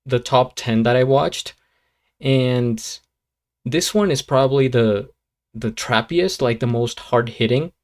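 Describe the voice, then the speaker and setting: Slow, easygoing male streamer. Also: medium pitch. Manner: relaxed, rambling, lots of fillers and self-corrections. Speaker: streamer reacting to beatbox videos. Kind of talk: casual live-stream commentary.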